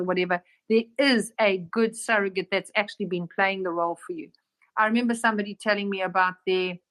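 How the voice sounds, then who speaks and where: A woman giving a casual spiritual talk as a teacher, acting out bits of dialogue in a lively, raised voice. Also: medium pitch. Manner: animated, acts out dialogue in raised voice.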